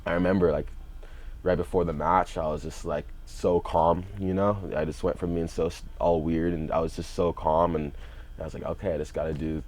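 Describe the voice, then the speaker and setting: A man's voice: sits low, flat delivery, normal speed, a little mellow. A young man telling a story in a laid-back way, with lots of "you know" and "like". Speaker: podcast guest, fighter. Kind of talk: casual storytelling.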